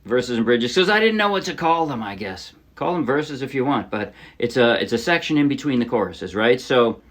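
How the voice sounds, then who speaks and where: A man teaching a song on ukulele in a relaxed, casual way, often correcting himself as he explains. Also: medium pitch, fairly quick. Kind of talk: casual instructional talk. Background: his own ukulele playing.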